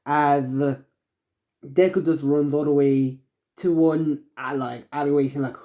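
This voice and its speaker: A man narrating a homemade fan story off the cuff, rambling along with constant fillers and stops to correct himself. His voice is mellow and dark. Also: on the high side, steady tone, slow pace. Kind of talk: improvised fan-fiction narration.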